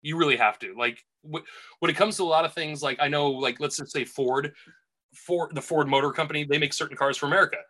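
A man's voice: a little high, fast, bright, forceful tone. A man casually telling a rambling golf caddy story on a podcast, full of restarts and asides.

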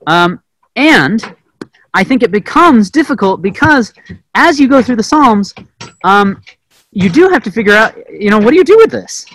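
Man, Bible teacher, storytelling sermon, slightly high voice, very lively pitch, self-mocking. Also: moderate pace, rough recording. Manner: animated, self-mocking, many fillers.

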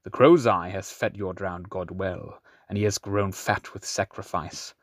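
A man reading as a cold, contemptuous male raider captain with a measured delivery. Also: sits low, steady tone, dry recording, studio quality. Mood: scornful.

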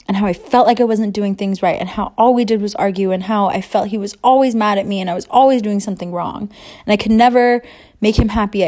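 A young woman in her twenties talks straight to camera in a loose, rambling personal vlog, swearing freely as she works through her feelings. Her voice sits at an ordinary middle pitch. She drifts between rooms as she talks. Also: darkish tone. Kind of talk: casual personal vlog monologue. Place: moving between rooms at home.

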